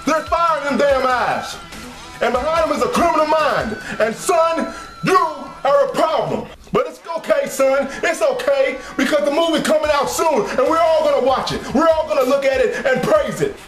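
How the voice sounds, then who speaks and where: A blustering wrestling tough guy, put on by a man barks and drawls his threats in a strained, very high voice. He stretches his words slowly for menace, then erupts into shouts. The sound bounces around an echoey room. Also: expressive, faint music behind. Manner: shouting, drawn-out menacing delivery. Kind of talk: mock wrestling promo.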